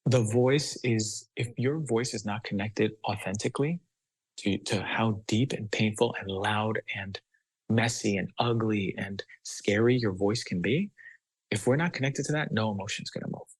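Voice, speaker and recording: A man's voice: fairly low pitch, normal speed, slightly rough, no room sound, low-quality recording. A man speaking as a guest doctor on a podcast, talking with passion and force, now and then acting out children's voices. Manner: emphatic, acts out children's voices.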